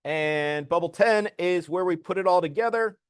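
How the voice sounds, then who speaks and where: A man's voice: sits high, moderate pace, clear, resonant tone, no room sound, studio quality. A man teaching a programming lesson to a class, explaining code casually as he demonstrates it.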